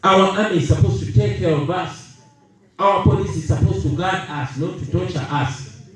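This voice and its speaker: A man's voice: high-pitched, faint music behind. Emphatic Ugandan man speaking in an echoey hall. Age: 30s. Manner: emphatic, deliberate, repeating key phrases. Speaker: political speaker. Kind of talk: rallying speech to an audience. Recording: echoey room, voice heard from a distance.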